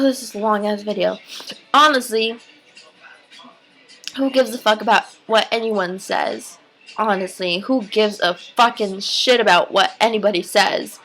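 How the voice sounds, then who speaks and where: A woman's voice: a little high, gravelly, sharp tone, poor audio. A woman vlogger talking earnestly to her viewers in a rambling, casual way, swearing freely. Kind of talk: casual heartfelt talk to camera.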